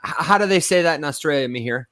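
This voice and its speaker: A man's voice: fairly high pitch, animated, fast, sharp tone, dry recording. Chatty man telling stories on himself. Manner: self-deprecating storytelling with stumbling restarts. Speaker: podcast co-host. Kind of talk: casual chat.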